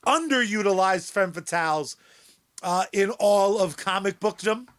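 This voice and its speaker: High-voiced man, slow sardonic talk. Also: fairly bright tone. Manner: laughing, sardonic and profane. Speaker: podcast co-host. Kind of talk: casual podcast chat.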